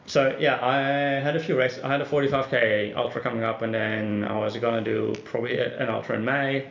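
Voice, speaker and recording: Laid-back gravelly man, echoey room. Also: mid-range voice, fairly even intonation, brisk, fairly bright tone. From Netherlands. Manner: laid-back, swears casually. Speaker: podcast co-host. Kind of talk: casual chat. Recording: dull echoey room recording.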